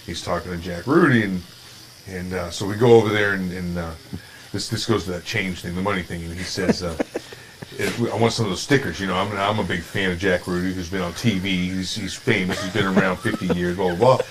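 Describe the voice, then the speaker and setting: Very deep-voiced man reminiscing. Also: brisk, a little hiss or hum, rough recording. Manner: relaxed rambling recollection, trailing fillers. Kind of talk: casual storytelling chat.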